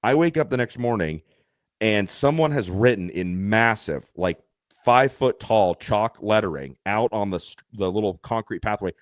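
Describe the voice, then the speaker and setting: A man guesting on a podcast, telling an animated, self-deprecating story with lots of fillers and restarts. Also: fairly low pitch, moderate pace, dry recording, clean studio sound. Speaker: podcast guest, race announcer.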